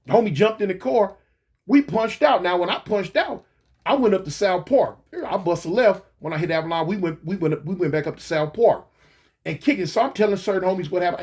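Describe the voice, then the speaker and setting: A man casually recounting a past event, animated, stumbling over restarts and mouthing gunshot sounds. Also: high-pitched, a little fast, husky. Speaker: guest recounting a shooting. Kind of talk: casual storytelling.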